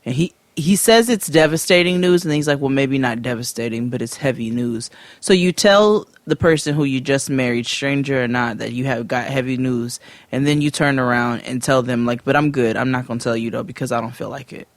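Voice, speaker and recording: A man's voice: mid-range voice, a little fast, no room sound. A man co-hosting a podcast, giving blunt, emphatic commentary while recapping a show. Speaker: podcast co-host. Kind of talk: casual chat recapping a show.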